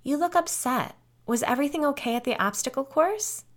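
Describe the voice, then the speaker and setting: A woman's voice: high-pitched, animated, a little fast, voice pushed up. A woman voicing a cheerful, murderous woman camp counselor who speaks in a sweet, sing-song voice with a sinister edge. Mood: sweetly menacing.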